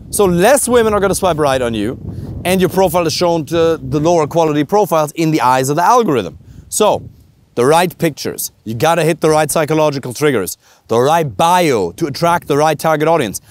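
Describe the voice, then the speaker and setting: Blunt German-accented male dating coach. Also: on the high side. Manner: blunt, emphatic, swears casually, rhetorical questions. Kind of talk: direct-to-camera coaching monologue.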